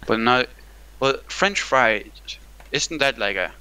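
Bright-voiced young guy joking around. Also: mid-range voice, lively intonation, takes it slowly, smooth, rough recording. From Denmark. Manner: joking, rambling, swears and laughs often. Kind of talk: casual gaming chat with a friend.

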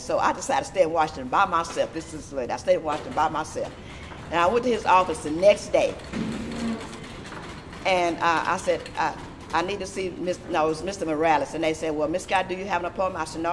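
A middle-aged woman from Texas, a disability advocate, telling a story in a lively, animated way with laughter. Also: fairly low pitch, quick pace, a little hiss or hum. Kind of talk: storytelling interview.

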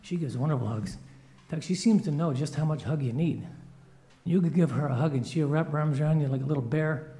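A man telling a children's story in a church service, playful and animated, acting out quoted lines. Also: fairly high pitch, fairly quick.

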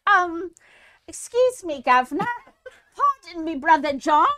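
A woman's voice: extremely high pitch, animated, a little slow, sharp tone, heavily acted. A woman from California playing a prim, fussy genteel lady in a mock-posh drawl for a comedy skit.

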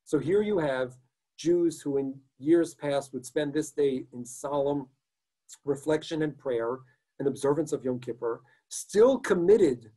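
A man's voice: a little high, dark tone, husky, low-quality recording. A man lecturing as a rabbi, telling stories in an earnest, emphatic way during an online talk, sharing his screen. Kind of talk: online lecture with story reading.

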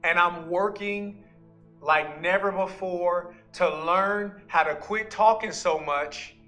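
A man's voice: sits high, slow, pushed and bright, faint music behind. A man, an associate pastor, preaching a sermon in an earnest storytelling manner.

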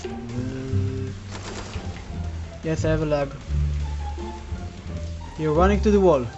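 Animated high-voiced man joking while gaming. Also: takes it slowly. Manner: playful, protesting and joking. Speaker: channel host, gamer. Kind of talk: casual gaming chat with friends. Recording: dull lo-fi mic with music behind.

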